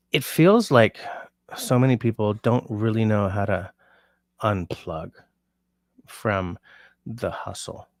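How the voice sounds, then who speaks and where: Tired, gravelly low-voiced man. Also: dry recording, clean studio sound. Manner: rambling, reads out chat comments. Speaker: livestream host. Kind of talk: casual livestream chat.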